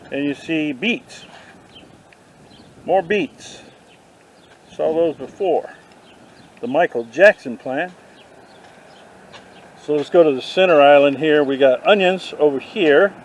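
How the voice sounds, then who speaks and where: A man vlogging a walk through an outdoor garden, dropping deadpan puns as he goes. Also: on the high side, takes it slowly, long pauses, low-quality recording. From not from the South. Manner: deadpan punning asides. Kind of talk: joking walk-through commentary. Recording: faint outdoor noise.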